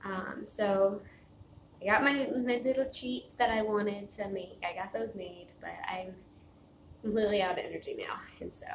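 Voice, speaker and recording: A woman's voice: mid-range voice, fairly even intonation, moderate pace. A woman chatting casually on a home livestream, rambling and laughing often, growing tired and out of breath. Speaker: livestream host. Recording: echoey room with faint noise.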